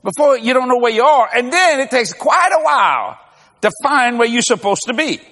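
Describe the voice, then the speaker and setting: An older man, a pastor, preaching with lively storytelling, acting out dialogue and laughing often. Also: very high voice, normal speed, long reverb tail. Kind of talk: sermon.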